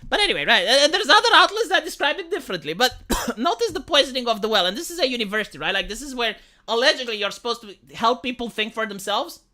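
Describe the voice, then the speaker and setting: Woman from Romania, streamer; fairly high, swooping delivery, rambling casual commentary with restarts and swearing. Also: very animated, fast talker, hardly any pauses, sharp tone. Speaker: live streamer.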